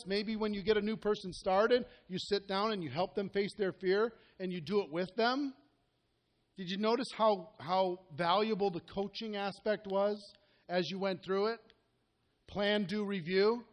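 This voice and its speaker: Guy coaching a room full of people, pretty high voice, earnest, keeps asking them stuff. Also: steady tone, moderate pace. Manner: earnest, direct, asks the room questions. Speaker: network marketing coach. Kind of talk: live coaching talk to a group.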